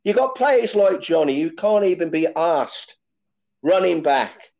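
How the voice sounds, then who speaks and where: A man rambling through his points as a fan panelist, his pitch swinging widely. The audio is dull and lo-fi. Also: lively intonation, a little slow, gravelly, a little mellow. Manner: rambling, many fillers like "you know, look". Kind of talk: fan chat.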